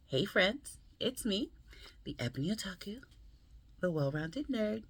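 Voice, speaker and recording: A woman's voice: mid-range voice, sing-song, a little slow, pauses often, slightly rough. An American woman hosting her book channel, chatting playfully and laughing often. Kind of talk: casual vlog chat.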